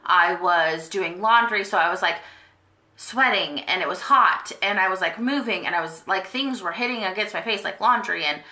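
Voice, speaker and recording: Young woman beauty vlogger, bright and gushing, chatty with lots of fillers, echoey home room. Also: mid-range voice, normal speed. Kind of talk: casual monthly favorites chat.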